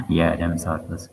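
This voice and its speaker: Delivering a sermon built around a Buddhist teaching story, a low-voiced man sounds bright and forceful, breaking off for asides and starting lines over. His voice is picked up from afar in a heavily reverberant room.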